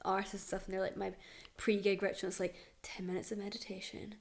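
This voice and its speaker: A young adult woman with a Scottish accent hosting a podcast, chatty and quick to giggle. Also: medium pitch, level tone, vocal fry. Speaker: podcast host. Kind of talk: casual podcast chat.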